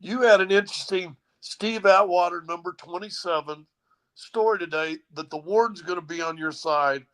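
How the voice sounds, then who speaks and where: A man hosting a casual sports talk show, telling animated stories and mimicking others. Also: high voice, moderate pace, poor audio. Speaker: sports radio host.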